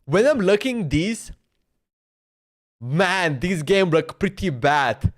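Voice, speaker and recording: A man's voice: high-pitched, big pitch swings, slow. A man streaming a game, thinking aloud in a puzzled, questioning way as he comments casually. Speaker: livestreamer.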